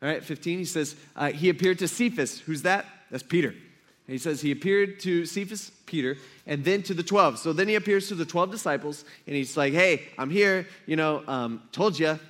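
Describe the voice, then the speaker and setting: A pastor delivers a sermon in an easy, conversational way, slipping into quick acted-out lines and asides to his listeners. His voice sits a little higher than most men's. The manner is casual and lively. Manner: casual, animated, acts out quotes with asides.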